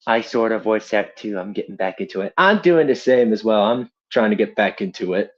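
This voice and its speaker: A young man chatting on a live stream, rambling and self-deprecating about his amateur voice acting. His voice is fairly low, and he laughs easily. The audio is dull and lo-fi. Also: expressive, fairly quick, hardly any pauses. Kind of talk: casual live-stream chat.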